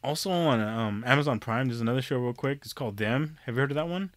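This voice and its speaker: A man's voice: mid-range voice, quick pace, no room sound. A man chatting casually on a podcast, rambling, swearing freely and laughing often. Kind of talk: casual chat.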